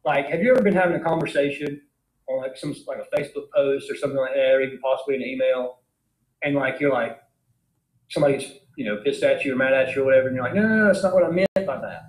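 A man's voice: mid-range voice, fairly even intonation, fast talker. A man giving an informal philosophy lecture in an emphatic way, asking his class many rhetorical questions. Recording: echoey room.

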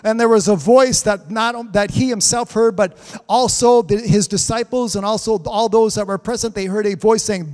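A man's voice: sits high, fairly even intonation, normal speed, a little mellow. A man preaching a live-streamed sermon, fervent and punctuated with amens and hallelujahs. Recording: reverberant hall sound.

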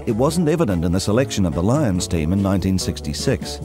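Lively low-voiced male documentary narrator. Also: fast talker. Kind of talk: scripted narration. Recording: music under voice.

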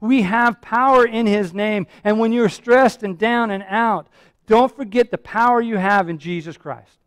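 A man delivers a sermon as pastor in a high voice. He speaks earnestly, repeating himself and restarting phrases. The sound is dry and close, with no room echo. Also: unhurried, a bit bright. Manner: earnest, repetitive, frequent restarts and fillers.

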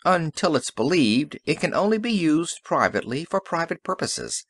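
A man reading a brisk, assured inventor. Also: fairly high pitch, very animated, a bit bright, no room sound, clean studio sound, voice pushed up. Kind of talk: audiobook character reading.

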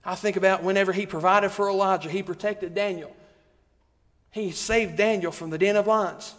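Male preacher, high voice, rhythmic repeated refrains, long church reverb. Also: fairly even intonation, normal speed, fairly bright tone. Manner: rhythmic, repetitive preaching with rising emphasis. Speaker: guest preacher. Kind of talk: sermon. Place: church sanctuary.

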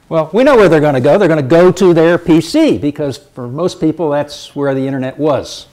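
A middle-aged man giving a public lecture, lively and emphatic, repeating his key points for effect. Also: a little high, fairly quick.

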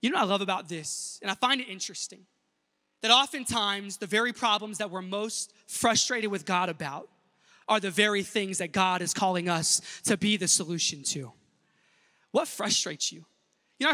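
A man's voice: sits high, brisk, sharp tone, big-room sound. A male pastor preaching an earnest sermon in a church and speaking directly to the congregation. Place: church sanctuary.

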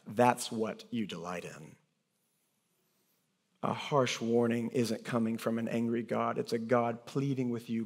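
A man preaches a sermon with earnest conviction, dropping to hushed lines and then rising in emphasis. His voice sits at an ordinary pitch for a man. It carries a long, lingering reverb from a church sanctuary. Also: vocal fry. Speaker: pastor.

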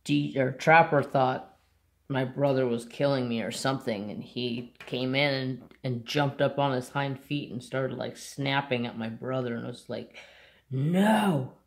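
Slow, gravelly man chatting casually. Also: mid-range voice, fairly even intonation. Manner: rambling, unhurried storytelling. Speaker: crafts channel host. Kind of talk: casual chat.

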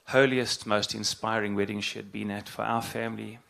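Gravelly low-voiced middle-aged rabbi. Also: male voice, flat delivery, fairly bright tone. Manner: earnest, halting, repeats phrases for emphasis. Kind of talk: reflective spoken address.

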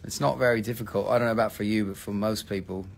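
A man's voice: lowish voice, steady tone, quick pace, vocal fry. A man casually hosting a live mineral sales stream, swearing and joking as he rambles. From Appalachian Valley, USA.

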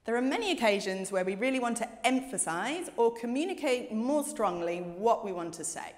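A woman teaching an English lesson, explaining grammar clearly with examples. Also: fairly high pitch, lively intonation, moderate pace, soft background music. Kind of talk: scripted language lesson. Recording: reverberant room.

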